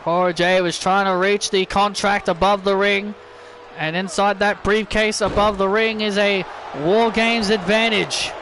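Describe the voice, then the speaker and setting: A man doing excitable play-by-play wrestling commentary over a video game, yelping at big moves and joking sarcastically about glitches. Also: high voice, a little slow, slight background noise.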